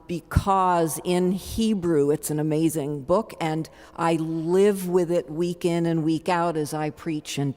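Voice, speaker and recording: A woman's voice: low-pitched, darkish tone. A woman who preaches and teaches, speaking thoughtfully on a panel. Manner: slow, thoughtful. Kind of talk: panel discussion. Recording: hall reverb.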